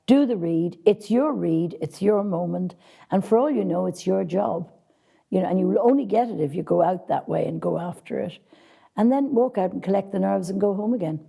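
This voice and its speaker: A woman's voice: fairly low pitch, vocal fry, warm tone, slightly rough. A woman casting director answering interview questions with direct, practical advice for actors, speaking frankly.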